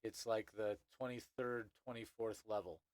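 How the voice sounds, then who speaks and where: Halting man narrating a tabletop game. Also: fairly low pitch, steady tone, no room sound. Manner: halting, many restarts and fillers. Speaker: game master.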